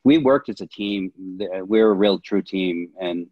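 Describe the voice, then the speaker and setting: A man's voice: sits low, unhurried, no room sound, highs cut off. A man, a film director and historian, answering interview questions in an earnest, explanatory way.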